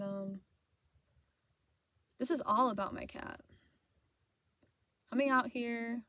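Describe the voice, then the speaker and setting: Tearful woman vlogging from her car. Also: medium pitch. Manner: halting, repeats herself, swears. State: tearful, choked up. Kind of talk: emotional confessional vlog. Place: inside a parked car.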